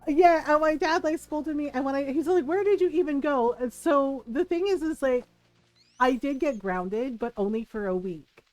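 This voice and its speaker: A woman's voice: high-pitched, normal speed, dry recording, soft background music, poor audio. A woman livestreamer chatting casually as she tells a story during a game, laughing often and acting out the dialogue. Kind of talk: casual storytelling while gaming.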